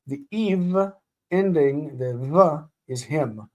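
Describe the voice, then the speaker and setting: Man, Hebrew teacher, live-streamed grammar lesson, fairly high voice, unhurried, repeats each word. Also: a little mellow. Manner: slow, deliberate, repeats words for drilling.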